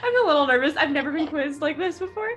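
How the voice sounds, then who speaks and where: A young woman as a guest on a casual quiz, talking in an animated way, laughing often and shrieking when she gets answers wrong. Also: sits high, fast, soft background music. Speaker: guest musician.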